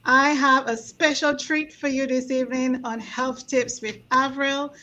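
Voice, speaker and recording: A woman's voice: high voice, flat delivery, a little slow, bright, forceful tone, a little hiss or hum. A woman hosting an online health show, welcoming her guest with a hesitant manner and many restarts. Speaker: host. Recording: slightly dull lo-fi audio.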